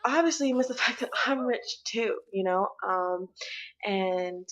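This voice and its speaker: A woman voicing an indignant, defensive young woman in a game story, firing off quick, exasperated outbursts. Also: medium pitch, animated, lo-fi sound, lightly acted. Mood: angry.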